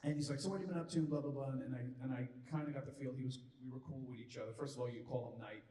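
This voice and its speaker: A man guest at a convention panel, telling animated anecdotes and acting out other people's lines as he goes. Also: mid-range voice, fast. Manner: animated, acts out quotes in other voices, laughs often. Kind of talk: anecdotal Q&A storytelling. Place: large convention hall. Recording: roomy hall from far off.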